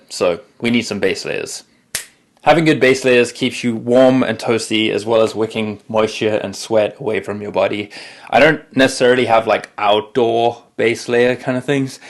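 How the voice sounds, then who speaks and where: Chatty young man, low voice. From South Africa. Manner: chatty and upbeat, with many "like" fillers. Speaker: vlogger. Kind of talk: casual vlog with how-to tips.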